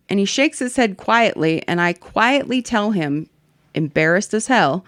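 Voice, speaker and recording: Woman telling a story with lively pitch. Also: moderate pace, smooth, no echo, studio quality. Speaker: story reader. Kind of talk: reading a story aloud in casual chat.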